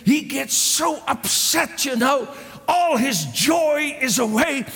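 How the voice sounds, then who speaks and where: A man preaches with a high, gravelly voice, telling a story in a lively way. He often stumbles, restarts and repeats his words. His voice rings with a long hall reverb. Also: takes it slowly. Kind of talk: sermon storytelling.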